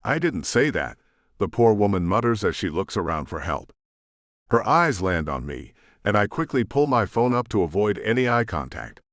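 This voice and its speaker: Low-voiced man narrating expressively. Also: animated, moderate pace, dry recording, clean studio sound. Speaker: audiobook narrator. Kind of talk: scripted narration.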